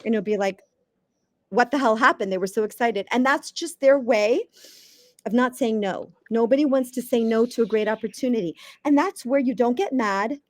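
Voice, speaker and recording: A woman from the US East Coast, a communication coach giving advice as an interview guest in a lively, emphatic way, sometimes stammering as she restarts. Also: a little high, normal speed, no echo. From United States East Coast.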